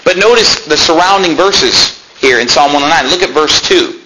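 Bright-voiced preacher, a man teaching scripture. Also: on the high side, normal speed, slight background noise, rough recording. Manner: reads scripture aloud and tells listeners to underline words. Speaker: pastor. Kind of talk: sermon. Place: church.

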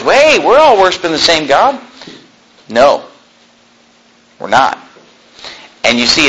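A man's voice: mid-range voice, bright, forceful tone, rough recording. A man preaching a sermon as the pastor of his church, emphatic, conversational and combative.

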